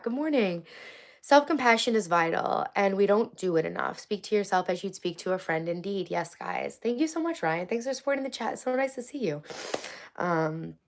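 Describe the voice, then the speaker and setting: A woman's voice: lowish voice, vocal fry. A woman hosting a casual livestream, teary and crying on and off, talking candidly and reading viewer comments aloud. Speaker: livestream host.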